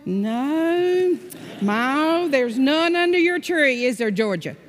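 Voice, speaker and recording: A woman telling a story at a children's sermon in a church, asking the children lively, coaxing questions. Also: sits high, slow pace. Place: church sanctuary. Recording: long hall reverb.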